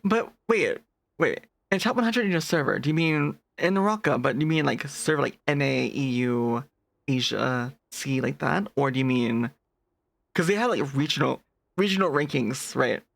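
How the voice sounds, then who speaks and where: A streamer with a deeper natural voice, chatting casually with live viewers late at night, animated, laughing often and answering chat messages as they come in. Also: moderate pace, creaky. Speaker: VTuber streamer.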